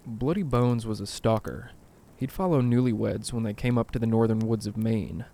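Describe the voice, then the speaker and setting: A male narrator telling spooky stories with dry, wry humor. His pitch sits in an ordinary middle range for a man, and he nudges his voice a little when he quotes other people. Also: steady tone, normal speed, darkish tone. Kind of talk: storytelling narration of a scary greentext.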